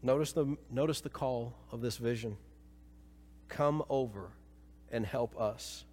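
A man preaching a sermon as pastor, swinging from emphatic peaks to quiet low passages. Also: unhurried. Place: church sanctuary. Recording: long reverb of a church hall.

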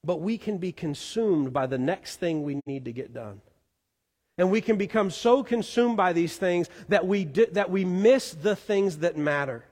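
High-voiced preacher in an echoing church. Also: male voice, expressive, normal speed. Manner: earnest, swells loud then drops quiet. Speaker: pastor. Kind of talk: sermon. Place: church sanctuary. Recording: long reverb in a church hall.

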